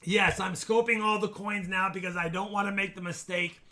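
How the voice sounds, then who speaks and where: High bright-voiced excitable man. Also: fairly quick. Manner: chatty, excitable, jokes while showing coins. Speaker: live stream host selling coins. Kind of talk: casual live auction chat.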